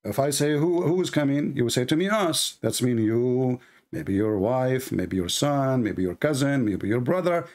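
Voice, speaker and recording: A man's voice: mid-range voice, expressive, moderate pace, a little mellow. Guy arguing hard, keeps repeating himself, cuts in a lot. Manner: insistent, repetitive, interrupting. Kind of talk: heated religious debate.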